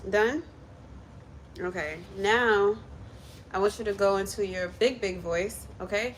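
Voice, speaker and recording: A woman chatting casually on a livestream from her kitchen while cooking, coaching viewers step by step through a quick singing lesson in an encouraging way. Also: mid-range voice, fairly even intonation, slight background noise. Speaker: content creator and vocal coach.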